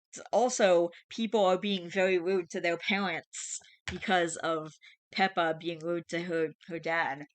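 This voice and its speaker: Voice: medium pitch, fairly even intonation, normal speed, fairly bright tone, no room sound. A host reading online confessions aloud in a casual, chatty way, adding irreverent and freely sworn asides between posts. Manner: chatty and irreverent, swears freely, laughs often.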